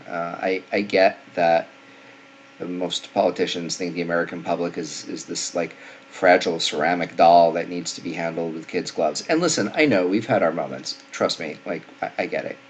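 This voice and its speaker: Snarky male medic commentator, low voice, casual and opinionated, lots of fillers. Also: animated, normal speed, slight background noise. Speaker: paramedic and nurse commentator.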